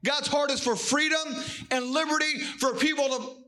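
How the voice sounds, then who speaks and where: A male pastor delivering a sermon to a live congregation in a church, preaching emphatically and breaking into shouts. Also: extremely high pitch, steady tone, normal speed.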